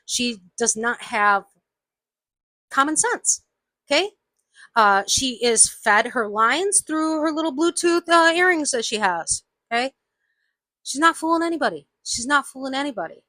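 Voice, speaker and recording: A woman's voice: sits high, lively intonation, a little slow, bright, forceful tone, dry recording. A woman vlogger giving a casual opinion monologue, emphatic, repeating her points and asking "okay?".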